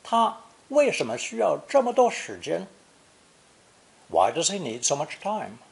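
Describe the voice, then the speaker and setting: A man narrating a recorded language lesson, explaining slowly and deliberately, with example sentences read in Chinese. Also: fairly high pitch, huge pitch swings, creaky. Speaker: language teacher.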